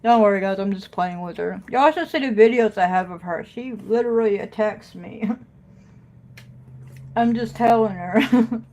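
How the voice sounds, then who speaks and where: A woman's voice: medium pitch, measured pace, a little mellow. A woman chatting casually on a phone livestream at home, talking to viewers and scolding her dog in between. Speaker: puzzle live streamer.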